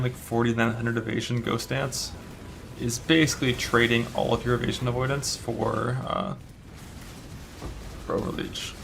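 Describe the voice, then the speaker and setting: Man, game streamer, gravelly voice, casual rambling chat, swears freely, bothered by a retainer in his mouth, faint background noise. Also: mid-range voice, a bit bright. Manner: loose, profane, rambling with many fillers. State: annoyed by a broken dental retainer in his mouth. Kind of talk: casual live-stream chat while playing.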